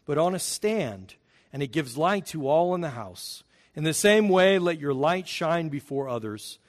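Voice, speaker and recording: A middle-aged pastor delivering a sermon in a slightly high voice. He speaks earnestly and builds emphasis on key phrases. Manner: earnest, emphatic preaching with rising stresses.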